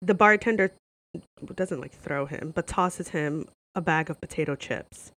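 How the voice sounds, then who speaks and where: Young American woman vlogger, casual and animated storyteller, curses freely. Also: low-pitched, unhurried, no room sound. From United States. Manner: animated, swearing, lots of "like" fillers. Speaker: vlogger telling a travel story.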